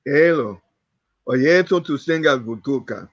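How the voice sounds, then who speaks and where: A man's voice: medium pitch, lively intonation, a little slow, no room sound, muffled recording. A man reading practice sentences aloud in an online language class, careful and hesitant. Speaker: student.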